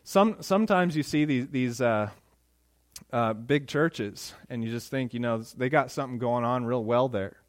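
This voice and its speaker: A man preaching a sermon in a conversational, animated way, acting out quotes. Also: mid-range voice, moderate pace, no room sound, studio quality. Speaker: pastor.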